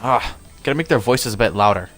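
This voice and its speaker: A man's voice: lowish voice, animated, fairly quick, fairly bright tone, faint music behind. A young man giving casual let's-play commentary, rambling and full of "like" fillers. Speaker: gamer.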